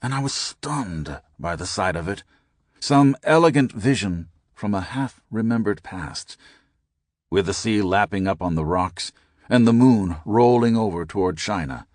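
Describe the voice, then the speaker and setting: A man narrating an audiobook in a deep, measured voice. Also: lively intonation, a little mellow, dry recording, clean studio sound. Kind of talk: scripted narration.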